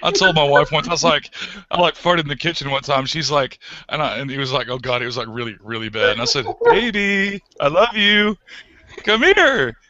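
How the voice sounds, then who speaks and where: A man's voice: medium pitch, fast talker. A young man swearing freely as he tells stories in a casual group voice chat. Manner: profane, animated storyteller. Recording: dull lo-fi voice chat audio.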